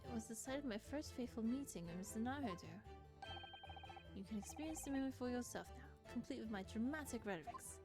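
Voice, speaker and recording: A woman's voice: a little high, expressive, fast talker. Woman doing a showy british detective dude, grand and theatrical, game music under it. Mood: coaxing. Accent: put-on British. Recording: game music playing behind.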